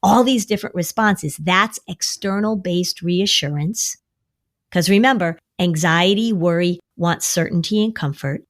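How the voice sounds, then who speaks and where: Middle-aged female therapist, podcast co-host, animated teacher who acts out quotes. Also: on the low side, a little slow. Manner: animated, acts out quoted voices of worry and kids. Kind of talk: podcast conversation.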